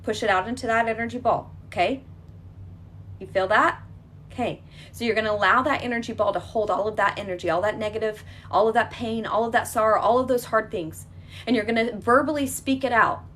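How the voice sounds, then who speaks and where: A woman's voice: fairly high pitch, fairly quick, fairly bright tone, slight background noise. A woman leading a guided healing exercise, talking in an emphatic, repetitive coaching manner that is reassuring and direct.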